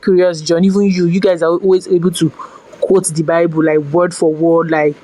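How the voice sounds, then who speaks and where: A Nigerian woman guest on a podcast, telling a personal story in casual, animated talk, slipping into pidgin phrases and often restarting her sentences. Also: fairly low pitch, normal speed, poor audio.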